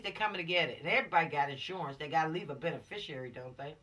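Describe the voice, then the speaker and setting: A man with a fairly high, bright, sharp-edged voice is giving a casual spoken lesson to teenagers. He talks straight at them, preachy and earnest, with rhetorical questions like a teacher. He sounds set back from the microphone. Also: racing, recorded from a distance. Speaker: teacher of a law video series for teens.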